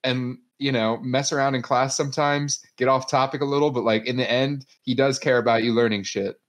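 A man's voice: medium pitch, fairly even intonation, fairly quick. A young man co-hosting a podcast, talking in an easygoing, rambling, reflective way. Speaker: podcast co-host. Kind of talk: casual podcast chat.

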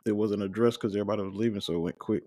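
A man's voice: on the low side, steady tone, very fast, dark tone, no room sound, studio quality. Man rambling through a show recap. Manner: rambling, loose retelling with fillers. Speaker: podcast host. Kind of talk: casual episode recap.

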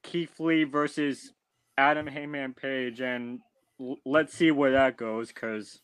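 A man's voice: mid-range voice, steady tone, slow pace, a bit bright, smooth, dry recording. A man chatting as a guest on a podcast, hesitant with many restarts and fillers, speaking bluntly and earnestly. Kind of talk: casual chat.

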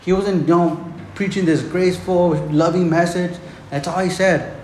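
Brief: laid-back male preacher, slightly high voice, restarts and filler, echoey room. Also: fairly even intonation, normal speed, darkish tone. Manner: casual, repetitive, says "man" a lot. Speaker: pastor. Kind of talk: sermon teaching from Bible. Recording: roomy room, faint background noise.

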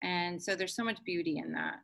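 A woman's voice: on the low side, brisk, creaky, a bit bright. A woman hosting a casual podcast chat, talking in an earnest, reflective and motivational way.

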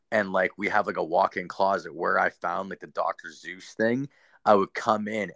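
A man with a deep, low-pitched voice tells a long story in casual, rambling fashion, swearing often and circling back on himself. He sounds young, and the recording is dry and close, with no room sound around him. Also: gravelly, bright, forceful tone, no room sound. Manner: rambling, heavy swearing, filler-laden. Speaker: podcast host.

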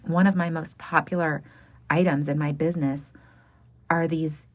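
A woman's voice: sits low, steady tone, moderate pace. A woman who runs a small art business tells a personal story frankly and plainly, laughing now and then between lines.

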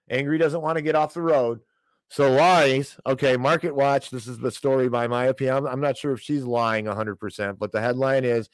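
A man's voice: mid-range voice, no room sound. A man hosting a financial news show, giving sarcastic, ranting commentary on economic headlines and peppering it with "okay?" asides.

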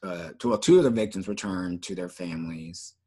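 A man co-hosting a podcast in casual chat, relaxed and often trailing off with fillers. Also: deep voice, brisk, slightly rough. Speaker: podcast co-host.

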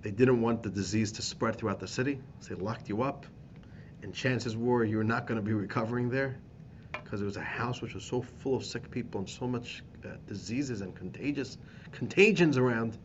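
A man, a rabbi teaching a class, telling a story with animated emphasis and repeated phrases. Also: medium pitch, moderate pace, muffled recording, a little hiss or hum. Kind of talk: storytelling lesson.

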